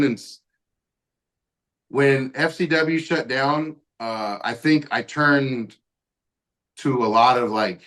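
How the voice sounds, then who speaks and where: Speaking into a podcast microphone, this male host has a fairly bright tone and medium pitch. His storytelling is relaxed and heavily profane, and he performs other people's quoted words as he goes.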